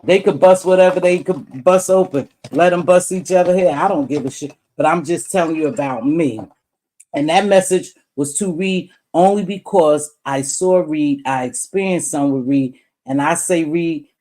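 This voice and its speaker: A woman's voice: deep voice, warm tone. Blunt woman ranting on a live stream. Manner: blunt, preachy, swears freely. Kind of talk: heated live-stream rant.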